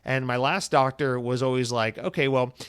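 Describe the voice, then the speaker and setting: A man's voice: medium pitch, steady tone, normal speed, fairly bright tone, clean tone. A man of about thirty hosting a solo podcast in a casual, rambling way. He swears freely and acts out the people he quotes. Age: 30s. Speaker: podcast host.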